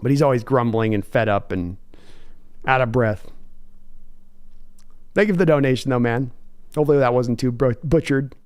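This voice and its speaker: A man's voice: medium pitch, moderate pace, pauses often, a little mellow, smooth, dry recording. A man hosting a live sports reaction stream, reading chat messages and rambling thoughtfully with many restarts. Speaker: livestream host.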